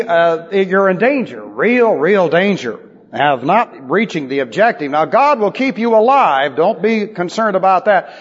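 A man with a fairly high voice delivers an emphatic expository sermon as a pastor. His lecturing carries a dry humor. The recording is dull and lo-fi, and his voice trails off in the long reverb of a church sanctuary.

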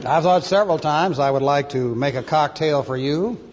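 A very noisy, lo-fi recording in a reverberant hall captures a man with a fairly high voice speaking at a moderate pace. He is preaching an expository sermon built on Greek word study, stressing points emphatically, spelling Greek words letter by letter and tossing in dry jokes.

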